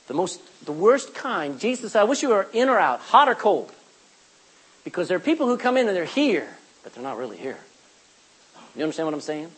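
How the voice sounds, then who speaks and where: A middle-aged man preaches with a husky, slightly rough edge to his voice. His pitch rises and falls in wide swings as he reads scripture and acts out short asides. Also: rough recording. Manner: animated, quoting scripture and acting out asides. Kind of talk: sermon.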